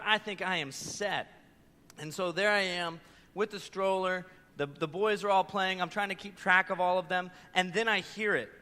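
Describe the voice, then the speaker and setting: High-voiced, bright-toned pastor preaching. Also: male voice. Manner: animated storytelling with voiced quotes. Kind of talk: sermon. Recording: echoey church hall.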